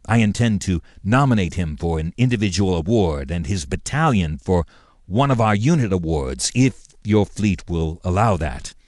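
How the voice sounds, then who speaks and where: A man voicing a formal, indignant male governor who speaks in a measured way with pointed emphasis. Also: low voice, expressive, a little mellow, no room sound, clean studio sound.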